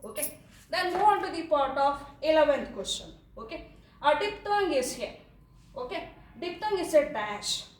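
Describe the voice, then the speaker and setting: A high-pitched woman with an Indian English accent teaches English, going through exam questions one by one. She reads each option slowly and keeps saying okay as she explains. Her voice sits a bit back from the mic in a roomy, echoing space. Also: sing-song, a little hiss or hum. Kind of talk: exam answer walkthrough lesson. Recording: echoey room, voice from a distance.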